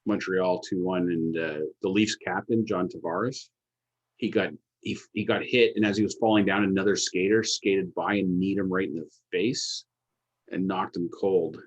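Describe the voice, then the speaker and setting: A man's voice: low-pitched, steady tone, moderate pace, muffled recording. A man co-running an app project, chatting casually and rambling with lots of fillers. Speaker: app co-founder. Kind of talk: casual work chat.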